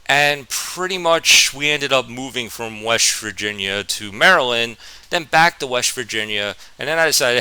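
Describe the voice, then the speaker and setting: A young man from New Jersey telling a storytime vlog, with a halting, stammering, self-deprecating manner. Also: mid-range voice, lively intonation, bright, forceful tone, smooth, no echo, rough recording. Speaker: vlogger.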